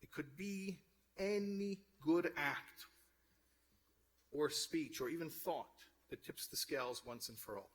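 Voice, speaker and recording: Speaking slowly in a slightly high, fairly bright voice, a man preaches a sermon that includes a told joke. He tells a story, then spurs his listeners on with growing fervor.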